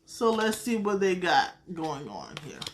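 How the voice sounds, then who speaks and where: A woman's voice: on the low side, very animated, unhurried, a little hiss or hum. A woman with a Southern accent, reading tarot cards on a casual live stream, blunt and profane, calling viewers sweetheart. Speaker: tarot card reader.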